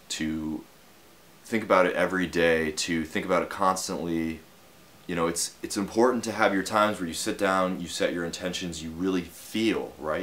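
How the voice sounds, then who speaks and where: A man's voice: low-pitched, a bit bright. A young man vlogging, telling a story in a rambling, casual way full of fillers and the odd swear word.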